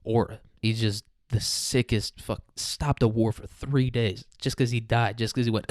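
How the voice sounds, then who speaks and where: A man's voice: mid-range voice, steady tone, a little slow, dry recording, clean studio sound. A young man hosting a casual solo podcast, rambling, profane and jokey. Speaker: podcast host.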